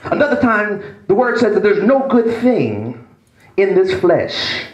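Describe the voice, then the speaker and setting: A man's voice: big pitch swings, a little slow, echoey room, muffled recording. A man, a pastor, preaching a sermon with emphatic, dramatic delivery. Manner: emphatic, dramatic swings between low and raised delivery. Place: church.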